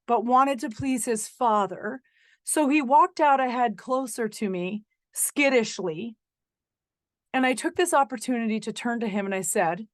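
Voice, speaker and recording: A woman's voice: fairly high pitch, no room sound, clean studio sound. A middle-aged woman from North Carolina hosting a podcast, telling a personal story in an earnest way, sometimes turning sarcastic. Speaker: podcast host.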